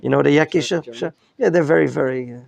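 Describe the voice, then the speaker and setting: Gravelly, fairly high-voiced male teacher. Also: fast. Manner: lively teacher, quizzing students, mixing in Hebrew terms. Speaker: rabbi teaching a Torah class. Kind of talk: classroom Bible lesson. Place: classroom.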